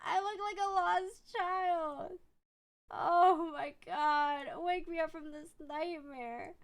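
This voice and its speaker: Very high-voiced giggly young woman streamer. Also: takes it slowly. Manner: giggly, bubbly, swears casually. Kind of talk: casual chat.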